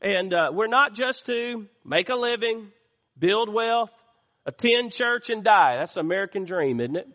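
A man's voice: high-pitched, expressive, a little slow, pushed and bright, in a large hall, lo-fi sound. A man preaching a sermon as pastor, calling out to the church and asking for amens. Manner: call-and-response preaching, asks the church for amens. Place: church sanctuary.

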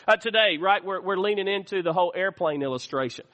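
A man's voice: sits high, quick pace, a bit bright, long reverb tail. A man preaching a sermon as pastor, calling out to the church and asking for amens. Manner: call-and-response preaching, asks the church for amens. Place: church sanctuary.

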